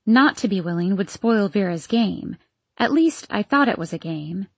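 A woman narrating a first-person novel as an audiobook, with measured, expressive storytelling. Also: medium pitch, husky, dry recording, muffled recording.

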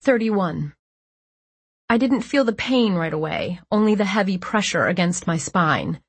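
A woman reading a first-person audiobook narration in a steady, measured way. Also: mid-range voice, husky, dry recording.

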